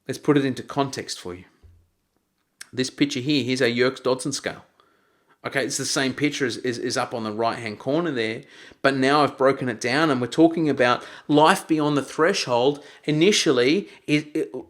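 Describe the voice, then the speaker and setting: A man coaching a group, teaching with acted-out examples and raising his voice for quoted lines. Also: mid-range voice. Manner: animated, acts out shouted quotes.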